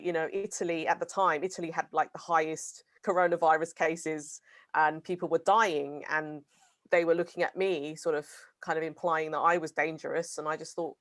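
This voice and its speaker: A woman's voice: sits low, steady tone, moderate pace, dry recording. A British woman co-hosting a casual discussion, speaking hesitantly with many fillers like "sort of" and "kind of". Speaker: co-host.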